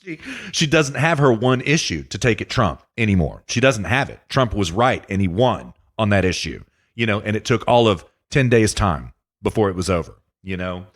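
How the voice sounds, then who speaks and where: A man's voice: on the low side, big pitch swings, moderate pace. A man hosting a casual political podcast, talking in a laid-back way with frequent laughs. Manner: laid-back, laughs often, says you know. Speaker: podcast host.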